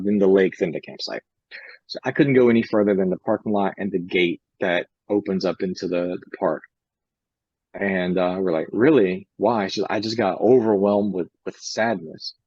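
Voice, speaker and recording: Man, thirties, podcast co-host; low voice, dull dry recording, chatty storyteller. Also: a little mellow, dry recording. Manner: retells conversations, many fillers and restarts. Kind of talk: casual storytelling.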